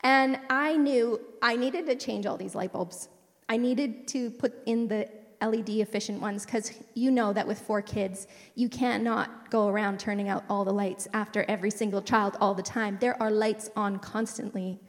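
A woman's voice: mid-range voice, fairly even intonation, moderate pace. A woman telling a personal faith testimony from a church stage, chatty and prone to side stories. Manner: chatty, digressive, warm storytelling with asides. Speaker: church speaker sharing a testimony. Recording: long reverb of a large hall.

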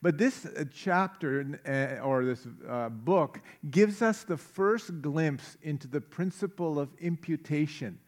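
A middle-aged man delivers a Sunday sermon in a fairly high voice. He preaches conversationally, mixing scripture with light jokes and personal asides, often pausing on fillers. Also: expressive. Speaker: pastor.

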